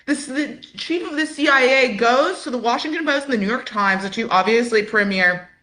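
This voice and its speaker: A woman giving political commentary in a fast, animated way, full of "like". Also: on the high side.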